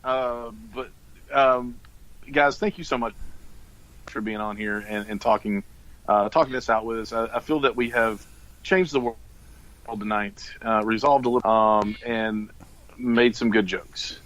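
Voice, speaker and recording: A man's voice: mid-range voice, steady tone, a bit bright, rough recording. A middle-aged man hosting a podcast, wrapping up while stumbling and restarting his sentences. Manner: halting, stumbles over words. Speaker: podcast host. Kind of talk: casual podcast wrap-up.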